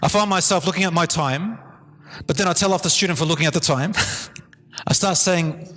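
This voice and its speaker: Animated male speaker, slightly high voice, live talk in a hall with long reverb. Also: moderate pace. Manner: animated, drops to a low calm tone to demonstrate. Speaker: Islamic teacher giving a talk.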